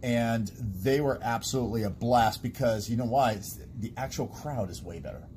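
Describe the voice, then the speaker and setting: A man's voice: medium pitch, moderate pace, slight background noise. A man, a guest who works as a stage sound and lighting technician, telling stories in casual chat with lots of laughter and restarts. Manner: laughing storyteller, animated, trailing restarts.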